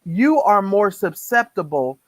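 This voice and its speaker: A woman co-hosts a live-stream chat show, commenting casually and emphatically, and she repeats words when she gets worked up. Her medium-pitched voice is very animated and unhurried, with no echo but poor audio quality.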